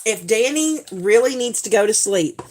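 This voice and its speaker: A woman's voice: fairly high pitch, expressive, normal speed, a little mellow. A woman, hosting a live stream in a rambling, chatty way with lots of fillers. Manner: mimics people in quoted voices. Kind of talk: casual chat.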